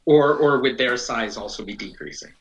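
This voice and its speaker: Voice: mid-range voice, expressive, moderate pace, creaky, a bit bright, dull audio. A player in a tabletop role-playing game, chatting casually, checking rules and apologizing for slips.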